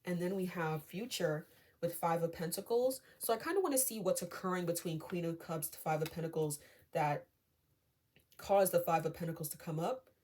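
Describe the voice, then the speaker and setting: A woman with a lowish, mellow voice gives a casual tarot reading to her viewers. She talks in a chatty way, full of fillers, and keeps reassuring them and checking in with a quick "okay?". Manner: chatty, many fillers, often asks okay?; reassuring and calming. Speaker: tarot reader.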